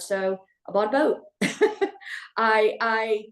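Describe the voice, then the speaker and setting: A woman shares a personal story in an open, conversational way, often stopping and starting her sentences. Her voice sits a little high. The echoey room carries her words. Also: animated. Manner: halting, with frequent restarts and fillers. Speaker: podcast guest, veterinarian.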